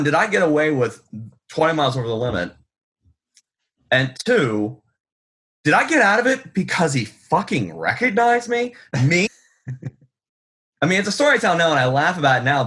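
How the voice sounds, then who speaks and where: With a medium-pitched, slightly bright voice, an American guest author tells stories casually in an interview. His style is rambling and profane, self-deprecating and full of ums.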